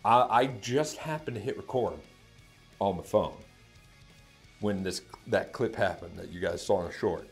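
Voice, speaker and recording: A man hosting a music reaction channel, telling an excited story to camera, laughing often and breaking into shouts. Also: on the low side, normal speed.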